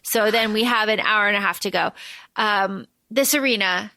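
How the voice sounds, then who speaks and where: A woman's voice: medium pitch, moderate pace, sharp tone, no room sound. A woman co-hosting a podcast, recapping a movie in casual, slangy, playful chat. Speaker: podcast co-host.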